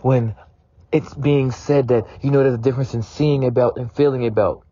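A man's voice: medium pitch, steady tone, moderate pace, mellow, husky, no echo. A spiritualist man in a raw, emotional monologue, tearful and repeating himself, swearing as he vents. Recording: dull lo-fi recording.

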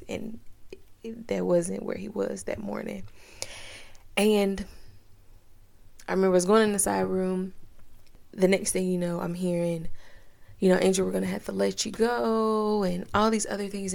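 A young woman hosting a podcast, telling a personal story in an expressive, emotional, animated way. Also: medium pitch, gravelly. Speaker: podcast host.

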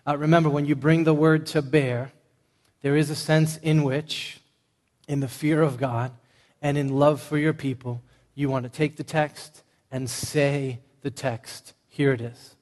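A man's voice: mid-range voice, darkish tone. A man preaching a sermon in an emphatic, conversational way, stacking short punchy lists. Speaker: pastor.

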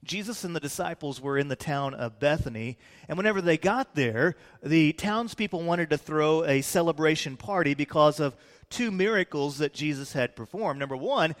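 A pastor preaching in a relaxed, storytelling way, dropping casual asides as he goes. His voice sits on the higher side for a man. It carries a long reverb, as from a church hall. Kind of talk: sermon.

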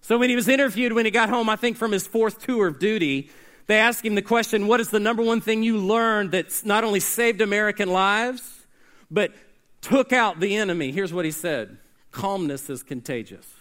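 A pastor with a high-sitting voice preaches a sermon, alternating between hushed, slow passages and loud, emphatic calls. He draws the congregation into call-and-response.

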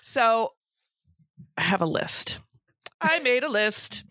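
A middle-aged woman co-hosts a laid-back podcast, talking emphatically about her job in a pediatric office and tossing in exasperated asides; she works as a breastfeeding professional. Her voice is fairly high, sing-song, slow, pushed and bright. The recording is dry and has a clean studio sound.

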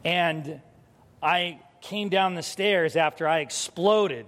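A man preaching a sermon as pastor, telling a parenting story and acting out the scenes with lively energy. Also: a little high, slow pace. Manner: animated storytelling, acts out scenes. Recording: hall reverb.

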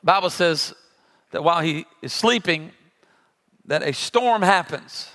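A man's voice: high-pitched, pushed and bright. A man in his forties, a pastor preaching a sermon and telling funny stories, with playful sound effects. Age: 40s. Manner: humorous storytelling with sound effects.

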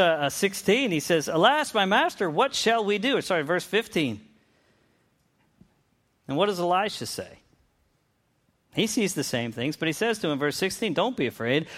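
A man's voice: high-pitched, animated, normal speed, fairly bright tone. A man preaching a conversational sermon, often restarting phrases and acting out the people in the stories. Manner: conversational, with frequent restarts and acted-out quotes.

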